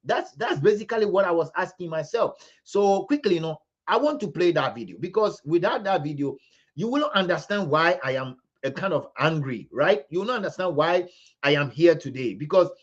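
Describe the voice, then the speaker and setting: A man's voice: a little high, animated, fairly quick, highs cut off. A man with a Ghanaian accent hosting a live commentary stream, repeating himself and stumbling over restarts as he builds to indignant emphasis. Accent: Ghanaian English. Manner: repetitive, stammering restarts, rising to indignant emphasis. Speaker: livestream host.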